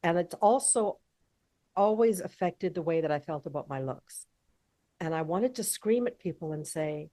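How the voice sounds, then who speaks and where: A woman's voice: lowish voice, expressive, moderate pace, warm tone. A woman who is an entrepreneur and healer, a guest telling a candid personal story in a heartfelt, emotional way.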